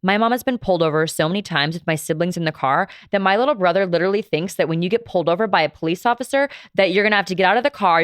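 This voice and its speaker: A woman's voice: fairly low pitch, fairly bright tone, no echo, studio quality. A woman in her thirties hosting a podcast, candidly telling a personal story in a casual, conversational way with frequent fillers. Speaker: podcast host.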